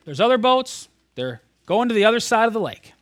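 A man preaching a sermon, retelling a scripture story in a conversational, animated way, sometimes dropping almost to a whisper. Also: high voice, fairly quick, dry recording, clean studio sound.

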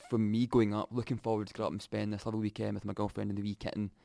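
A young Scottish man telling his own story candidly, reflective and halting, often restarting his sentences. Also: on the low side, little pitch movement, vocal fry, dark tone, dry recording, studio quality.

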